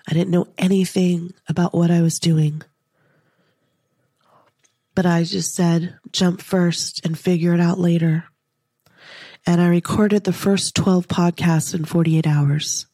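Husky, gravelly woman telling a story. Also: lowish voice, little pitch movement, unhurried, long pauses, no echo, studio quality. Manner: earnest, intimate, slips into soft whispers when quoting herself. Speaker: podcast host. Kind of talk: emotional personal storytelling. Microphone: podcast microphone.

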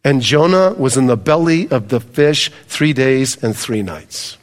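A man's voice: medium pitch, animated, a little slow, big-room sound. A middle-aged male pastor preaching a sermon in a loose, conversational way, speaking straight to his congregation. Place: church hall with congregation.

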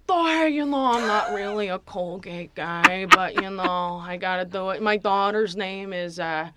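A woman's voice: medium pitch, measured pace, over a noisy crowd, natural voice. A woman doing a brash male stand-up comic. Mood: bragging.

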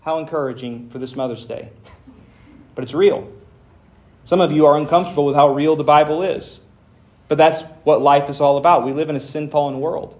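Male pastor, fairly high voice, casual sermon delivery with deadpan jokes. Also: fairly quick, long pauses. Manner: conversational preaching with dry humor; reads scripture aloud with dramatic emphasis.

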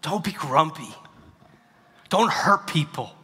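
Husky-voiced preacher, hushed then forceful. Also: male voice, fairly high pitch, animated, takes it slowly, big-room sound. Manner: swings between hushed, near-whispered lines and loud emphatic preaching. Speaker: pastor. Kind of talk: sermon.

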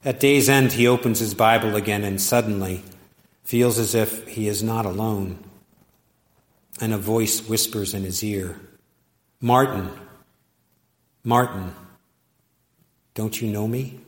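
A male pastor retells a story from the pulpit in a measured sermon, with deliberate, emphatic pauses. His voice sits low and moves very slowly. Long reverb rings around the church sanctuary. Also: fairly even intonation.

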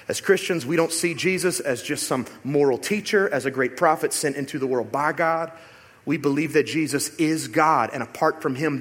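A man preaching a sermon as pastor in a church, animated and rhetorical, sometimes acting out other voices. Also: fairly high pitch. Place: church sanctuary. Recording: long hall reverb.

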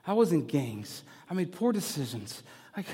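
A man in his thirties preaching a sermon as pastor, telling a personal story with candor, moving between loud emphatic lines and hushed ones. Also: on the high side, sing-song, normal speed, breathy edge. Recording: long reverb of a big hall.

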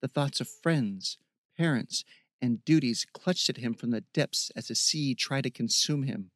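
A man reading a fantasy novel aloud as narrator, in a measured, evocative style. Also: mid-range voice, a bit bright, dry recording, studio quality. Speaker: audiobook narrator. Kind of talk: scripted narration.

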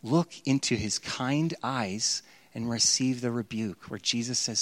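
A man preaching a sermon as pastor, in an animated, conversational way that acts out quoted voices. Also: mid-range voice, unhurried.

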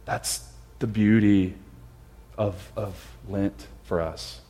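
A man's voice: fairly low pitch, fairly even intonation, very slow, mellow. A male pastor giving a sermon in a reflective way, repeating phrases for emphasis.

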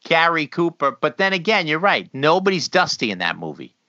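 A man's voice: a little high, sing-song, brisk, bright, forceful tone, dry recording. A man co-hosting a casual chat, swearing freely and rambling through his thoughts, often stopping to restart. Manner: profane, rambling, trails off and restarts. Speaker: podcast co-host. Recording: slightly dull lo-fi sound.

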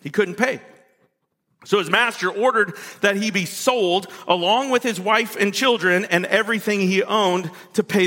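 High-voiced preacher in an echoing hall. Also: male voice. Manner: animated preaching with big pitch swings. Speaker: pastor. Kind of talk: sermon. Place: church sanctuary. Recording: long reverb of a church hall.

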